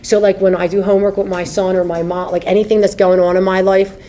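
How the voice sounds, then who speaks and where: Her voice sits at medium pitch with a warm tone and little pitch movement, and she talks fast. She is a woman in her thirties from the US, candidly recounting her recovery at an AA meeting and often saying "you know what I mean."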